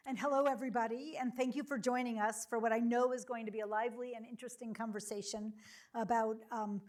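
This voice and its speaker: A middle-aged woman moderating a public conversation before an audience, welcoming and relaxed with frequent ums and uhs. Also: fairly high pitch, fast talker. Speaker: university chancellor moderating a campus conversation. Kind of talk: hosting a public onstage conversation. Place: lecture hall before a live audience.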